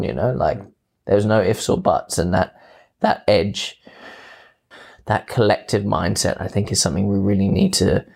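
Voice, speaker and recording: A man in his twenties, from England, answering interview questions casually and telling stories with lively quoted voices. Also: on the low side, moderate pace, creaky. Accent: English with Australian touches. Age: 20s. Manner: animated storytelling with playful quoted voices. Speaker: guest.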